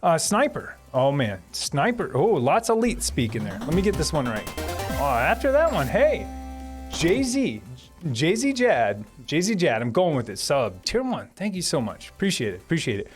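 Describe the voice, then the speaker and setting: A man's voice: fairly high pitch, big pitch swings, normal speed, husky, soft background music. A man hosting a live stream from his home setup, chatting casually, reading viewer comments and thanking them with frequent laughs.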